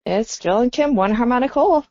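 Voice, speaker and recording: A woman co-hosting a podcast chats casually, reflecting aloud and often exclaiming and laughing. Her voice is a little high, expressive, brisk and mellow. The sound is dull, dry and lo-fi, with no echo.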